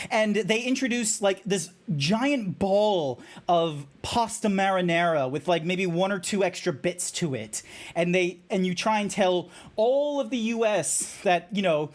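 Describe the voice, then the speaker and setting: Excitable Australian man rambling on stream. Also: high voice, unhurried. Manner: rambling, excitable, laughs at his own trivia. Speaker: VTuber streamer. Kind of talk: casual game stream chat.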